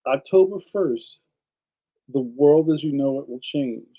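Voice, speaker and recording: Man, livestream host, enthusiastic, chatty, talks to viewers, mellow tone. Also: medium pitch, measured pace, low-quality recording. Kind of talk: casual livestream chat.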